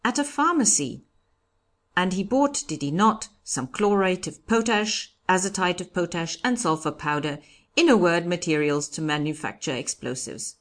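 A woman reading aloud and voicing an excitable, pompous male French judge who accuses and talks over everyone. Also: lowish voice, normal speed, lightly acted. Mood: blustering.

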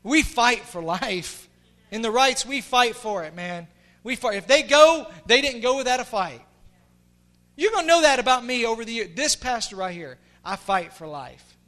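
A middle-aged man preaching a sermon as pastor, impassioned, dropping to hushed tones and rising to shouts. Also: extremely high pitch, expressive, normal speed.

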